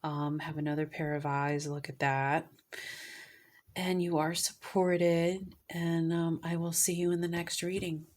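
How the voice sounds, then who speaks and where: A woman giving a casual tarot reading, gushing and sometimes dropping into soft whispers. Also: deep voice, level tone, a little slow. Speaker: tarot reader.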